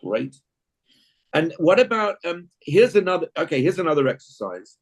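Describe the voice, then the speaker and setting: A man's voice: a little high, very animated, normal speed, low-quality recording. An older man with an English accent, teaching an acting class in a chatty, encouraging way and praising his students often.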